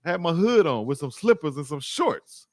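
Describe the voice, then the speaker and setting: A man from Alabama, hosting a sports livestream, telling stories in a slangy, lively way and reading chat comments aloud. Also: a little high, normal speed, dry recording, clean studio sound. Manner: slangy, animated storytelling, reads chat aloud. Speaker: sports YouTube host.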